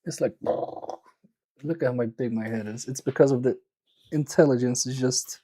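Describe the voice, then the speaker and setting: A man's voice: medium pitch, moderate pace, mellow, breathy edge. A man chatting casually on a live stream while repairing electronics, joking and teasing his viewers in a self-mocking way.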